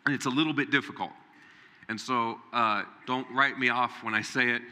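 A man preaching a sermon, animated and direct, often acting out Bible figures in a raised voice. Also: mid-range voice, moderate pace. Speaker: pastor. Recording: reverberant hall.

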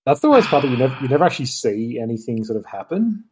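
Husky-voiced man chatting about films. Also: medium pitch, racing. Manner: animated, acts out lines mid-sentence. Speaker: podcast co-host. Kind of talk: casual film discussion.

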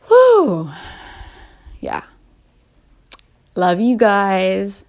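Slow-talking woman in her late 30s. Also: fairly low pitch. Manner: rambling, with restarts and frequent soft laughs. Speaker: vlogger and podcaster. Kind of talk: casual heartfelt personal talk.

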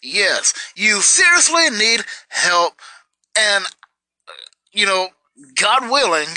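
Slow, bitter, rambling young man. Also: sits high, very animated, sharp tone, dry recording, rough recording. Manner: bitter, rambling with many fillers. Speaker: vlogger. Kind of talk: ranting personal story.

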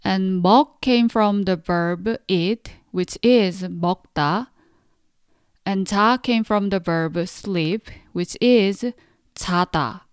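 A young woman teaches a podcast language lesson with a patient, encouraging manner. Her voice is remarkably smooth and resonant, and it sits close and dry with no room sound. She slows down on each word so listeners can repeat after her. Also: mid-range voice, dry recording. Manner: patient, encouraging, pronounces words slowly for repetition.

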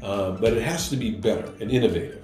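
A man's voice: lowish voice, fast talker, darkish tone, roomy sound, soft background music. A man, an entrepreneur being interviewed, speaking candidly and emphatically. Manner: candid, emphatic, plain-spoken. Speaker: entrepreneur guest. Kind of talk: interview answers.

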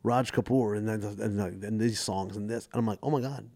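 A man's voice: on the low side, brisk, dry recording, studio quality. A man in his forties, a comedian, telling stories in casual podcast chat and acting out the voices of people he quotes. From United States. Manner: animated storyteller acting out quotes. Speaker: guest comedian.

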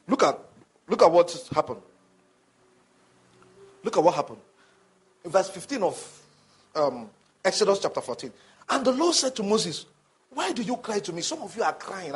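A male preacher delivering a call-and-response sermon that builds to shouting. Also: high-pitched, sing-song, moderate pace, long pauses, breathy edge.

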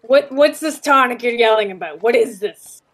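Woman player; high, casual and quick. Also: expressive, a bit bright. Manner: quick, stumbling questions. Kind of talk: casual tabletop game chat.

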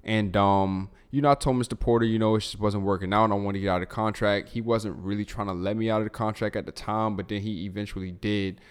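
A man in his thirties from Baltimore with a Baltimore accent, telling his story in a relaxed, rambling way with lots of fillers as the guest of an interview. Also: on the low side, quick pace, few pauses, clean tone. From Baltimore, Maryland. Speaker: guest, music producer and songwriter. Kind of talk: casual interview talk.

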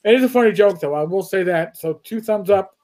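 A man's voice: high voice, a little fast, darkish tone. A man co-hosting a casual chat, often stammering and repeating words.

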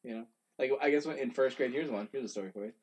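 A man's voice: medium pitch, quick pace, darkish tone, husky. A middle-aged man co-hosting a casual podcast, easygoing and rambling through anecdotes with frequent laughter. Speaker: podcast co-host. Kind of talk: casual chat.

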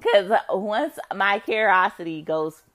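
A woman musing aloud to her viewers in a casual monologue, rambling with many fillers and swearing freely. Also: slow. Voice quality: expressive, swings between low murmur and loud outbursts. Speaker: vlogger.

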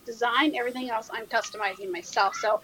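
A woman with a fairly high, bright voice talks as a guest on a casual interview. She chats in a lively, animated way, laughing often between her answers. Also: fast talker, a little hiss or hum, rough recording. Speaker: guest cosplayer.

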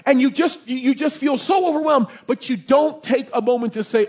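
A man with a very high voice preaches, full of energy and story. He slips into shouting to act out scenes. The recording sounds dull and lo-fi. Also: brisk, hardly any pauses, slightly rough. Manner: animated storytelling, shouting in re-enactments. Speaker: chaplain and preacher. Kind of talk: sermon.

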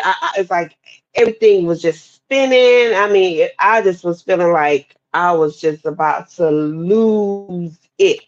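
A woman telling a personal testimony story in a lively, expressive way, talking straight to her listeners. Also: mid-range voice. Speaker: guest speaker sharing testimony. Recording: dull lo-fi podcast audio.

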